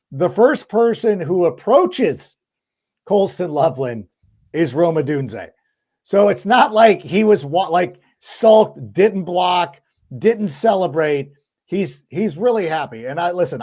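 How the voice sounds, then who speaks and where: A man hosting a sports podcast in casual chat, talking in an animated, quick way. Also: high voice. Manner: animated, quick, acts out quoted lines. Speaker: podcast host.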